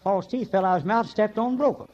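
An older man, preaching a folksy sermon full of stories, swinging between shouts and hushed talk. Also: high-pitched, fast talker, dull audio. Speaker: pastor.

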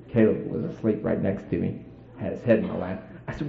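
A man's voice: on the low side, normal speed, vocal fry. A man telling a folksy story to a crowd in a plain, colloquial way. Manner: plain-spoken, colloquial, lively and playful. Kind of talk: folksy anecdote told to an audience. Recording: roomy, phone-like audio.

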